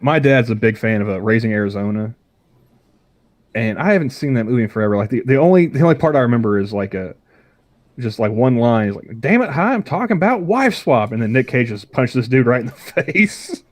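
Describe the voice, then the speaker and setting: A young man co-hosting a podcast, rambling in casual chat and often stammering and restarting his sentences. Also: fairly low pitch. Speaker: podcast co-host.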